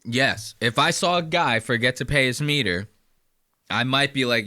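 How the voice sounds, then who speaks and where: A man's voice: mid-range voice, expressive, normal speed, sharp tone. A man hosting a podcast, reacting to clips with profane, incredulous rants. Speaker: podcast host.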